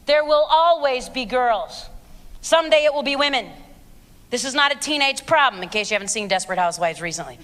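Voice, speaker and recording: A woman in her forties delivers a fiery speech to teenagers and parents. Her voice is high and sharply bright, and it sounds blunt, sarcastic and emphatic. The sound carries a long reverb from a large hall. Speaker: abstinence speaker. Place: large hall with a live audience.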